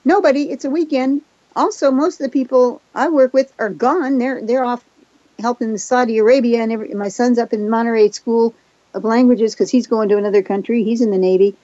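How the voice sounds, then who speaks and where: A woman raised in Japan with Japanese as her first language, a therapist and hypnotist telling her story fast and self-assuredly as a radio guest. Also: on the high side, fairly even intonation, warm tone, dry recording, lo-fi sound. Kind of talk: casual chat on a radio show.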